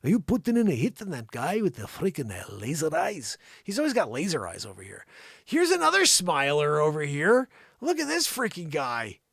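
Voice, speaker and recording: A man hosts a live talk show, riffing comically with excitable bursts and muttered asides. His voice sits a little high for a man and has a gravelly edge. The sound is dry, with no room around it. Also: normal speed, no echo. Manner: excitable, riffing, swings between loud outbursts and muttering asides. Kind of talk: improvised comedic commentary on photos.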